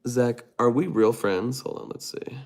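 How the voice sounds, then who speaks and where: A man's voice: mid-range voice, vocal fry. Playful young man chatting on a livestream. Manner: playful, jokey, talks fast with quick asides. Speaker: livestream host. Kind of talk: casual livestream chat, reading viewer comments aloud.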